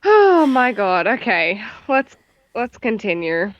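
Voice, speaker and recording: A woman's voice: medium pitch, big pitch swings, slow pace, dry recording. A woman with an Australian accent in casual banter as a co-host, teasing and sarcastic, laughing a lot. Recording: dull lo-fi dry mic.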